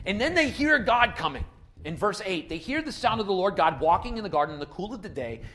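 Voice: mid-range voice, a bit bright, a little hiss or hum. A pastor preaching a sermon in a conversational way, repeating key phrases for emphasis and speaking straight to the congregation.

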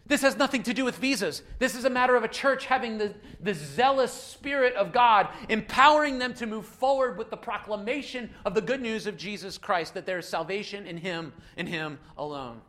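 A man preaching a sermon to his congregation, animated and emphatic, repeating key lines as refrains. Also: high voice, a little fast, hardly any pauses. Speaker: pastor.

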